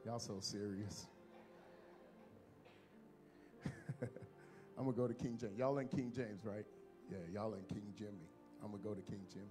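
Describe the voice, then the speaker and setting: A man preaching a sermon to his congregation. He leads call-and-response, jokes with the crowd, and reads scripture loudly and dramatically. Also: fairly even intonation, normal speed, soft background music. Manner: booming dramatic scripture reading. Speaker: pastor. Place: church sanctuary.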